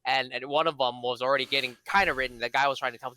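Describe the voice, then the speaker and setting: A man's voice: medium pitch, flat delivery, fast, hardly any pauses, sharp tone, clear, resonant tone, no echo. A young man co-hosting a podcast, telling stories in a rambling casual way with many fillers and restarts. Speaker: podcast co-host. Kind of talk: casual storytelling chat.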